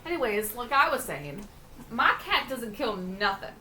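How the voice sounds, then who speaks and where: A woman's voice: a little high, sing-song, unhurried, pushed and bright, recorded from a distance. A woman co-hosting a podcast, chatting casually and animatedly, who swears freely and acts out quotes. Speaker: podcast co-host. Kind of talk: casual chat. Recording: roomy, from off-mic, faint room noise.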